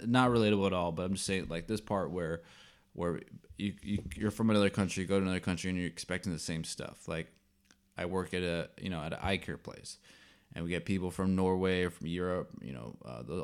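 A man's voice: sits low, clean tone. A man hosting a casual sports podcast, rambling with lots of fillers and restarts, and getting worked up when he tells a story. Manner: gets worked up when telling a work story. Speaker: podcast host.

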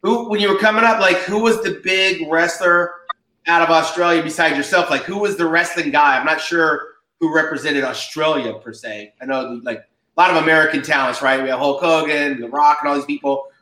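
A man's voice: a little high, fairly even intonation, brisk, bright, forceful tone, reverberant, poor audio. A man hosting a casual chat, easygoing and asking guests questions.

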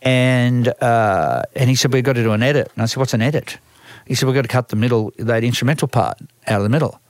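Australian man, music manager, animated storyteller, mid-pitched voice, dry close sound. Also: quick pace, dry recording. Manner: lively, acts out quoted voices, frequent restarts. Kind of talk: storytelling conversation.

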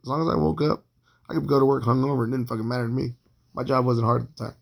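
A man in his late thirties with a heavily gravelly, husky voice, telling a personal story in loose, profane, rambling talk. He keeps his pitch flat and steady and stays in an easy, casual monologue. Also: very fast. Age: 30s. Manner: profane, rambling, with frequent fillers and restarts.

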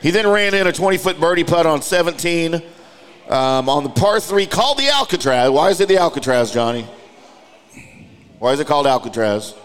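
A man in his forties, from Louisiana, co-hosts a relaxed golf chat and ribs his partner constantly. His voice sits a bit high and leaps around expressively. The room adds a long reverberant tail. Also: a little fast, smooth. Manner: teasing, lively banter. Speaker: podcast co-host.

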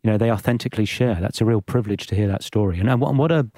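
A man hosting an interview podcast, speaking gently with small stammers. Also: fairly low pitch, rapid-fire, no room sound, clean studio sound. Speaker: podcast host. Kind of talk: interview conversation.

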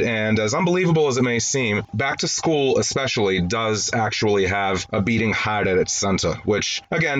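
A man with a fairly low voice hosts a film review show, walking listeners through movie setups. He talks in a chatty, conversational way, with dry, wry asides along the way. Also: fairly bright tone. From grew up in an Italian-American home.

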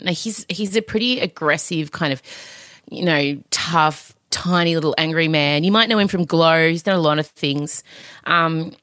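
A woman with a low voice hosts her own podcast, tired and candid. She rambles a little, laughs easily and turns emotional, speaking into a podcast mic in a dry, dead room. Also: fairly bright tone, no echo. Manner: frank, rambling, laughs often, gets emotional. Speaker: podcast host. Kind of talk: candid solo podcast chat.

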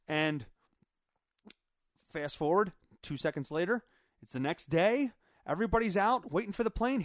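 Podcast host, male, slightly high voice, dry close mic, rambling and crude storyteller. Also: normal speed, no room sound. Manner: rambling, profane, animated retelling. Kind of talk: casual storytelling monologue.

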